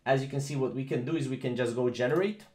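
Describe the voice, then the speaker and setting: A man's voice: mid-range voice, quick pace, darkish tone, reverberant. A man hosting a casual tech tutorial, rambling with many fillers and repeated phrases. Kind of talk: casual screen-recorded tutorial.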